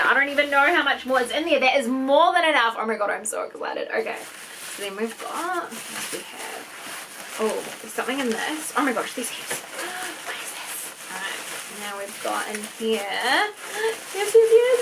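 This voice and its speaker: A young woman gushing and gasping her way through an excited makeup unboxing vlog. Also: fairly high pitch, a little hiss or hum. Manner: gushing, gasping, exclaims constantly. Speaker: beauty vlogger.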